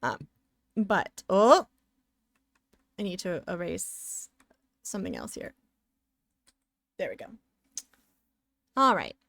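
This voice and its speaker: A woman's voice: fairly low pitch, huge pitch swings, takes it slowly, gravelly, pauses often, a bit bright, dry recording. Sassy giggly lady streamer talking to chat, takes her time, dead dry mic. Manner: playful, sassy, giggly, chatting with viewers. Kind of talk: casual live-stream chat while drawing.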